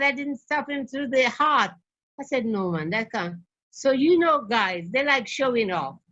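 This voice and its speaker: An older woman with a somewhat high voice tells stories from her years training parents. She is a guest on a talk show, and she acts out the people in her stories as she goes. The recording sounds slightly dull and muffled. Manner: lively anecdotal telling with acted quotes.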